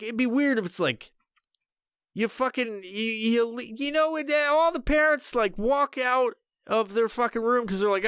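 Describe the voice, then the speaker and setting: A man's voice: sits high, fairly bright tone, clean tone, no room sound, clean studio sound. Rambling, profane man telling a story. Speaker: podcast host. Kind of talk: casual comedic storytelling.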